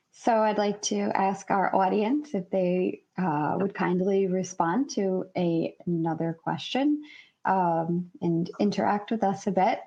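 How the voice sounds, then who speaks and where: A woman moderating a business webinar, politely running an audience poll in a measured way. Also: mid-range voice, darkish tone.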